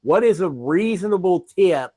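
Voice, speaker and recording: A man's voice: sits high, expressive, moderate pace, mellow, no echo. A man playing a tabletop game, hesitant and stumbling over his words as he plans his character's moves. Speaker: player.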